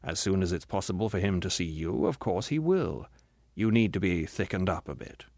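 A patient, gentle bright spirit, read by a man in his own low register. He talks softly and steadily, explaining with calm earnestness, though his pitch still moves a lot. The storybook recording is dry and close. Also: moderate pace, gravelly, no room sound, exaggerated voice. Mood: gentle, soothing. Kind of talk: audiobook character reading.

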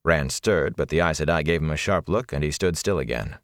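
A man narrating a fantasy audiobook in a steady, even way. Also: extremely low pitch, brisk, no echo, clean studio sound.

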